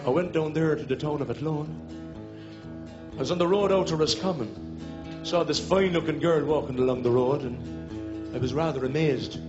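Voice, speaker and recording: A man's voice: on the high side, moderate pace. A man with a Dublin accent doing live stand-up, telling jokes as stories and breaking into snatches of song. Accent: Irish, Dublin. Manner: jokey storyteller, sings snatches of songs. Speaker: stand-up comedian. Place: stage before a live audience. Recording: dull live recording with music and audience.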